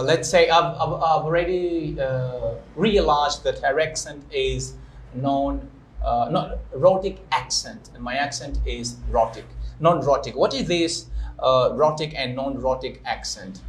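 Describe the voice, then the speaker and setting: A man's voice: medium pitch, measured pace. A young man hosting a live-streamed interview, chatty and playful, who stops to explain pronunciation with examples. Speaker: English teacher and show host. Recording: echoey room, faint noise.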